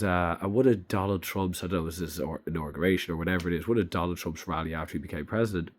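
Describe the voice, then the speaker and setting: A young man giving a blunt, emphatic opinion monologue to camera, swearing freely. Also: deep voice. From Ireland. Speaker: vlogger.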